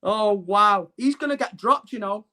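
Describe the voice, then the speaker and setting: A man's voice: sits high, a little slow, sharp tone. A man hosts a live-streamed football show. He talks to his chat in a brash, mocking and emphatic way. His delivery is blunt and combative.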